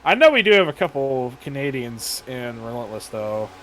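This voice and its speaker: A man's voice: mid-range voice, sing-song, moderate pace, fairly bright tone. A man calling a sim racing event in a casual, joking commentary style, drifting into banter between race updates.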